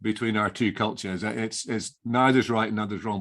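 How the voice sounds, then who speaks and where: Guest: middle-aged man, lowish voice, chatty and rambling. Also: steady tone, brisk, few pauses, a bit bright. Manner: rambling, many restarts and fillers. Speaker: inn owner, guest. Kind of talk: casual interview chat.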